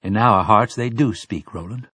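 A man's voice: on the low side, fairly bright tone, husky, no echo. A man doing a stern, formal young woman. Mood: measured. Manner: measured, formal speech.

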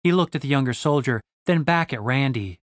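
Male audiobook narrator, wry, expressive, lively pitch, dry close sound. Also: fairly quick, no echo.

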